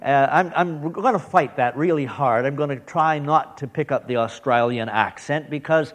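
A man's voice: a little high, moderate pace. A man with a Canadian accent giving an earnest church mission presentation about radio broadcasting, with playful asides.

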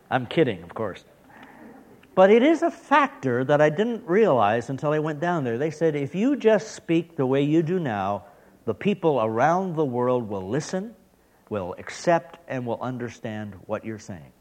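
A man's voice: medium pitch, very animated, moderate pace, darkish tone. A man with a Canadian accent giving an earnest church mission presentation about radio broadcasting, with playful asides.

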